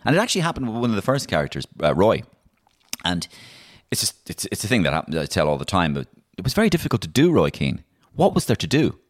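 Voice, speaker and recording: Middle-aged Irish male impressionist, low voice, animated and chatty interview guest. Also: fast talker. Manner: animated, storytelling, many restarts. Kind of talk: casual interview chat.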